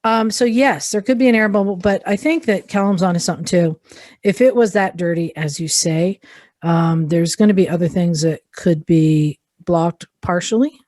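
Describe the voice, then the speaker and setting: Low-voiced woman, thinking aloud. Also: normal speed, a little mellow, dry recording, studio quality. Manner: hedging, thinks aloud with many ums. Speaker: podcast co-host. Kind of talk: casual chat.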